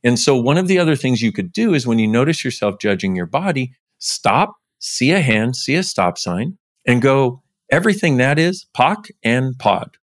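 A man of middle pitch, talking as a podcast guest in a relaxed, conversational way. He is animated and lifts his voice high whenever he wants to stress a point. The sound is dry and close to the mic, with no room echo. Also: moderate pace, hardly any pauses. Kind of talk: casual interview talk.

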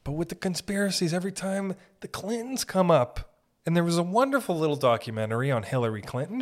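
A man's voice: a little high, expressive, fast talker. A man hosting a podcast, talking in a rambling, profane, comedic monologue that keeps breaking off mid-sentence. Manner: rambling, profane, self-interrupting, mock voices. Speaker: podcast host.

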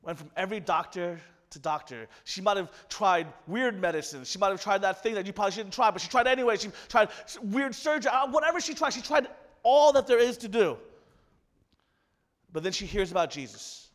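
A male pastor preaching a sermon in an animated storytelling way, acting out the characters. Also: high-pitched, fairly quick, in a large hall.

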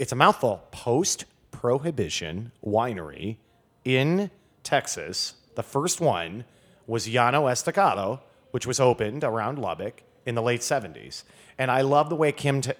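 Medium in pitch with big swings up and down, this man talks at a moderate pace. He's a guest wine expert chatting casually on a podcast, telling rambling stories loaded with fillers and restarts.

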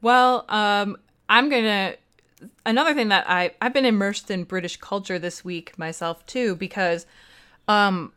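A young woman co-hosts a podcast in relaxed, chatty conversation. Her voice is smooth and clear, and she tells stories in an animated, self-deprecating way. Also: medium pitch, unhurried. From United States. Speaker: podcast co-host. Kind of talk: casual chat.

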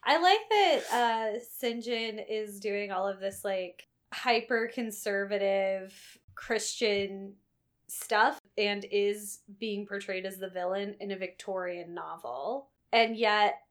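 A woman's voice: medium pitch, fairly even intonation, slow pace. A woman co-hosting, making wry, joking comments in casual chat. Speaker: podcast co-host.

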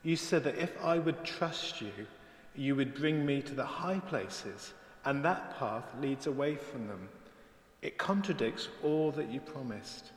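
A man's voice: mid-range voice, animated, measured pace, close to an everyday voice. A man reading a storybook aloud, voicing a frightened young female deer who pleads desperately. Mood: pleading. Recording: echoey church hall.

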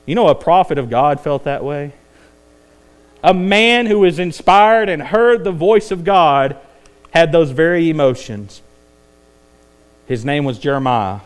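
High-voiced preacher, swells and drops. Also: male voice, lively intonation, unhurried, pauses often, clear, resonant tone. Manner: rises high and intense, then drops low and quiet. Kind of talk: evening sermon.

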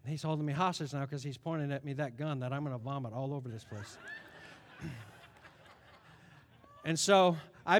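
A middle-aged man preaching a sermon, telling stories with animated swings between loud and soft delivery. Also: sits high, moderate pace. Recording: long hall reverb.

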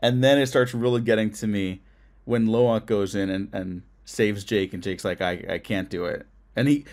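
A man co-hosting a casual film review podcast, earnest and profane, laughing often as he recounts his own reactions. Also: mid-range voice.

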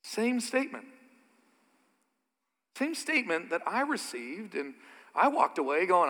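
A man preaching with a high, bright, forceful voice that carries through a reverberant church hall. He drops into quiet, conversational asides and then builds to loud, emphatic declarations. The long reverb trails after each phrase. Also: sing-song, unhurried, long pauses. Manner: dynamic preaching, swings from soft asides to loud emphatic peaks. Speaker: pastor. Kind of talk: sermon.

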